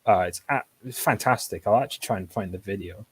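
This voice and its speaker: A man on a casual online panel chat who talks haltingly, with lots of restarts. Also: fairly low pitch, slightly rough. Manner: hesitant, many restarts.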